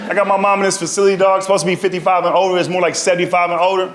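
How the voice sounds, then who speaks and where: Male stand-up comic, chatty, keeps saying right, highish voice, noisy echoey club. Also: very fast, few pauses. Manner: conversational, tags lines with "right?" and "dog". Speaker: stand-up comedian. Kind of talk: stand-up comedy. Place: comedy club stage. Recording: echoey room, noisy background.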